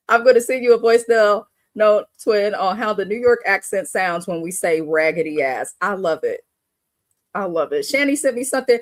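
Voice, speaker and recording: Woman, blunt, animated, casual live-stream host, dry close sound. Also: mid-range voice, no echo. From Bay Area. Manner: animated, blunt, cursing, laughing often.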